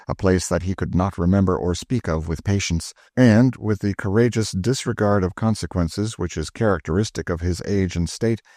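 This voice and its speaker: A man narrating a classic novel with steady, measured storytelling. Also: low voice, dry recording, clean studio sound. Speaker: audiobook narrator. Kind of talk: scripted narration.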